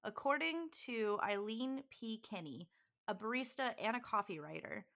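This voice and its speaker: A woman's voice: fairly high pitch, animated, moderate pace, vocal fry, fairly bright tone. A woman co-hosting a podcast, chatting and explaining things with frequent laughs. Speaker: podcast co-host. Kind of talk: casual chat.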